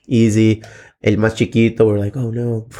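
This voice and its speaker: A man in his thirties co-hosting a casual podcast, an animated storyteller who jokes and acts out other people's voices. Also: on the low side, moderate pace. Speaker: podcast co-host. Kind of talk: casual chat.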